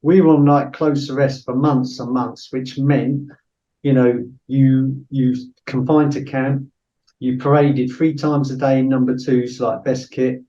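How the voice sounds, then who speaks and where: A man's voice: medium pitch, little pitch movement, unhurried, warm tone, muffled recording. A middle-aged man, a former soldier, telling a story casually on a podcast with lots of fillers and acted-out quotes. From Britain. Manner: anecdotal, acts out quoted voices, frequent fillers.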